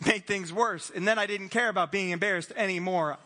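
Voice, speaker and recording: A man's voice: high-pitched, fairly quick, bright, forceful tone, slight background noise. A man preaching a conversational sermon as pastor, acting out little dialogues and chuckling as he goes. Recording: reverberant hall.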